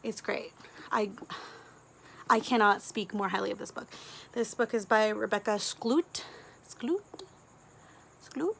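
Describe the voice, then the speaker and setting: A woman, a book vlogger talking casually to camera, gushing and chatty with quick asides and giggles. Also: mid-range voice, little pitch movement, vocal fry, a bit bright, slight background noise.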